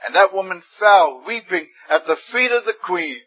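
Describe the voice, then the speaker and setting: A man's voice: high-pitched, expressive, normal speed, breathy edge. A man preaching a sermon with fervent emphasis, his voice rising suddenly on key words. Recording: dull lo-fi recording.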